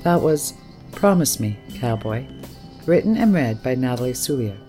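A man's voice: mid-range voice, very animated, moderate pace, over music. A man hosting a reading series, giving formal, admiring introductions of the readers. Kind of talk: scripted introductions.

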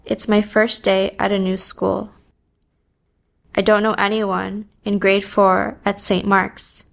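A woman reading a first-person story aloud in a subdued, even manner. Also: medium pitch, vocal fry. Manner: slow, even, subdued delivery. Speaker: narrator.

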